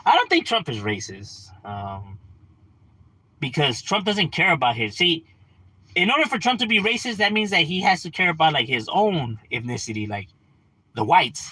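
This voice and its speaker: Casting: young guy, livestream ranter, blunt and profane, bright husky voice, very lively pitch. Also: no room sound, low-quality recording. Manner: blunt, profane, rhetorical questions. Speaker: livestream host. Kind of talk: casual ranting on a livestream.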